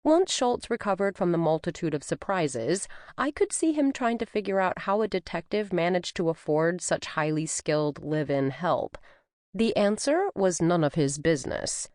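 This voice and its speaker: Expressive woman audiobook narrator. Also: lowish voice, moderate pace, dry recording, studio quality. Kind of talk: scripted first-person narration. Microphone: studio microphone.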